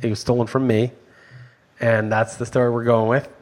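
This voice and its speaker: A man's voice: mid-range voice, little pitch movement, moderate pace. A man co-hosting a casual podcast chat, ranting emphatically and swearing freely. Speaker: podcast co-host.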